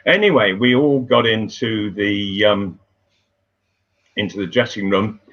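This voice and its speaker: An older man, a former footballer, telling stories in casual chat, unhurried and halting, with many fillers and restarts. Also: fairly low pitch, fairly bright tone. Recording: dull lo-fi sound.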